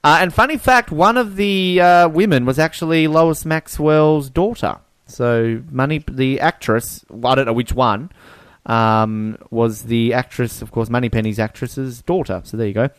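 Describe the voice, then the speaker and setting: A man's voice: mid-range voice, a little slow, clear, resonant tone, no room sound. A man co-hosting a casual podcast about a film, laughing often and slipping into silly voices. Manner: animated, laughing, jumps into silly put-on voices. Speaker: podcast co-host.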